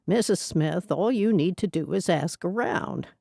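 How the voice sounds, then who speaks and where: A woman playing a gruff male detective. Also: fairly low pitch, animated, measured pace, mellow, no room sound, studio quality, exaggerated voice. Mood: stern. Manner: gruff, stern.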